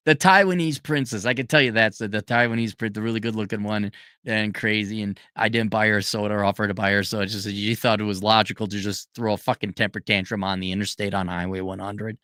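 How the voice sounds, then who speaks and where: A man's voice: lowish voice, steady tone, fast, bright, forceful tone, dry recording, studio quality. A middle-aged man ranting in a sarcastic, rambling, profane monologue as a podcast host.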